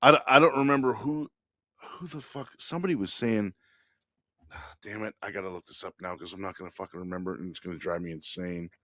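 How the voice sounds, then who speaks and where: A man with a lowish voice co-hosts a comedy podcast and tells a rambling story about a coworker. He talks casually, swears a lot and laughs as he goes. The recording sounds dry and close. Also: fairly quick, no room sound. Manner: profane, animated, laughs while telling stories. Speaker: podcast co-host.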